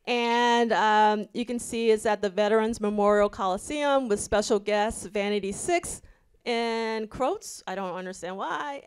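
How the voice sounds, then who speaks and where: A woman's voice: on the high side, clear, resonant tone. A woman with an Alabama accent, a podcast host at a live event, chatting casually and reading old clippings aloud with her own asides.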